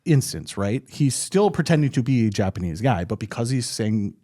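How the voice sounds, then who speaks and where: A man's voice: medium pitch, sing-song, moderate pace, mellow. A man from northern Minnesota with a Minnesotan accent, hosting a podcast in casual, opinionated, rambling chat. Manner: opinionated, rambling, frequent restarts. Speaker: podcast host.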